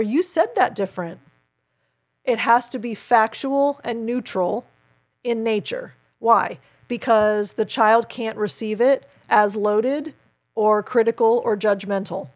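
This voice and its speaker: A woman who works as a child play therapist and hosts a podcast, earnestly explaining her approach in an advice segment and encouraging her listeners. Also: medium pitch.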